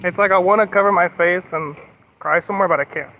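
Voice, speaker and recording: Quick-paced and steady in tone, this high male voice comes through slightly muffled stream audio with a little hiss or hum. The American streamer rants with plenty of profanity in casual chat, then apologizes.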